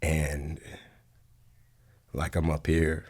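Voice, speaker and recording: A man's voice: extremely low pitch, completely flat delivery, very slow, darkish tone, husky. A man in his forties from Atlanta, telling his story in an interview with a loose, candid manner, emotional and near tears. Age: 40s. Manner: loose, candid storytelling, acts out quoted voices. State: tearful, emotional. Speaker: interview guest, actor.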